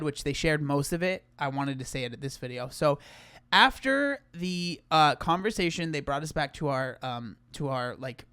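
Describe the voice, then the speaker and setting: A young man talks through his own TV appearance in loose, rambling commentary, piling up fillers and restarting his sentences. His voice sits a little high, recorded close and dry with no room sound. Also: a little fast, a bit bright, dry recording. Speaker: YouTuber reacting to his TV appearance. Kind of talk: casual reaction commentary.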